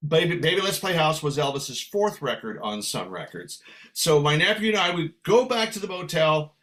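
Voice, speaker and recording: Animated storytelling man, slightly high voice. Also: normal speed. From San Francisco. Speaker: guest musician. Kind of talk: casual storytelling.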